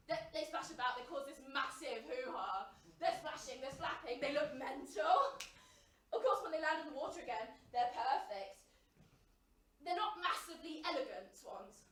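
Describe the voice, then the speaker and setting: A young woman performing a theatrical comic monologue, swinging between hushed murmurs and loud outbursts. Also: high-pitched, animated, moderate pace, slight background noise. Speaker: solo performer. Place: live stage performance. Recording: echoey room from far off.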